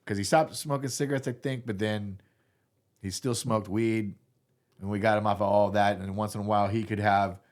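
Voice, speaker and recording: A middle-aged man telling road stories in a casual interview, rambling and animated, with lots of filler and swearing. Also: lowish voice, fairly quick. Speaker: guitar tech, guest telling stories.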